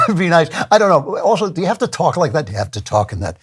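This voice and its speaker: A man's voice: on the high side, very animated, fast, slight background noise. A man in his seventies hosting a reaction commentary, talking in a wry way and chuckling often. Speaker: host.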